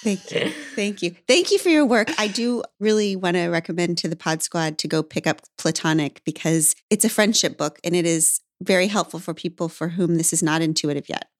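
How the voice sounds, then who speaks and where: A woman's voice: on the low side, brisk, hardly any pauses, dry recording. Woman host, close dry sound, earnest and emphatic sign-off. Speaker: podcast host. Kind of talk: casual podcast interview.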